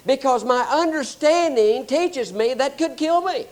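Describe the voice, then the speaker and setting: A man preaching a sermon, explaining scripture and telling animated stories. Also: very high voice, unhurried. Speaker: pastor.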